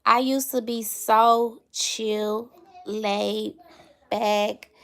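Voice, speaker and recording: A woman's voice: a little high, drawn-out words. Chatty woman hosting a casual livestream. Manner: chatty, animated storytelling, addresses viewers directly. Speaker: livestream host.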